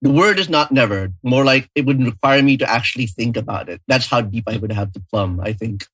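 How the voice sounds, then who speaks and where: A man chatting casually on a podcast with a dry, joking wit, often tripping over his words before landing a point. His voice is mid-pitched and sits close to a dry mic. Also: brisk, a bit bright, slightly rough, dry recording, poor audio. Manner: wry, joking, stumbling restarts. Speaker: podcast co-host. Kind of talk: casual chat.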